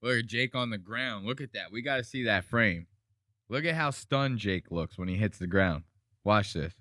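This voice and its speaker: Brash man with a bright voice. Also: lowish voice, normal speed, no echo, clean studio sound. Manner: crude, animated, mocking impressions. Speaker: podcast host. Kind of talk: casual chat reacting to fight clips.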